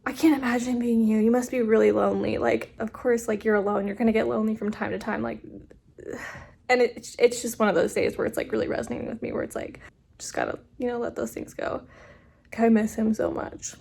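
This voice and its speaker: Husky-voiced woman venting in a vlog. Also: a little high, fairly even intonation, fairly quick, darkish tone. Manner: chatty, venting, filler-heavy. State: emotional, near tears. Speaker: vlogger. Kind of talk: casual home vlog chat.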